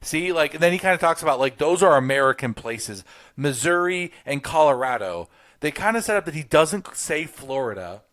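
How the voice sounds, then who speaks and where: Man calmly narrating a film scene. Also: fairly high pitch, moderate pace. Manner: walks through scenes step by step, quoting characters. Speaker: podcast co-host. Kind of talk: casual film review chat.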